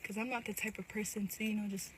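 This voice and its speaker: A woman's voice: mid-range voice, little pitch movement, fast, background noise. A woman telling a personal story straight to her phone camera in an emphatic, direct way. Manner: emphatic, addresses viewers directly.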